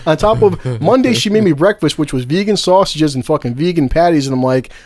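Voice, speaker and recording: A man's voice: a little high, expressive, fairly quick, darkish tone, no echo, clean studio sound. A man on a podcast telling a crude story with lots of swearing, breaking into laughs and acting out quotes. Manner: heavy swearing, laughs mid-sentence, acts out quotes. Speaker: podcast co-host.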